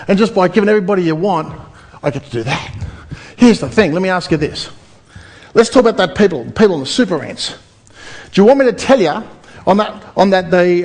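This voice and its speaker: A man delivers a seminar pitch with lots of energy. His voice sits high for a man, and he keeps throwing questions at the crowd. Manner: animated, addresses the crowd with rhetorical questions. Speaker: seminar speaker. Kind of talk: property seminar pitch to a live audience.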